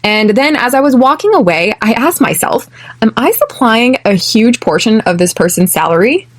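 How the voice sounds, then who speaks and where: A young American woman from California, hosting an English lesson podcast and speaking clearly and deliberately, slowing down for drills. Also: on the high side, big pitch swings. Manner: clear, deliberate, slows for repeat-after-me drills. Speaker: podcast host, English teacher.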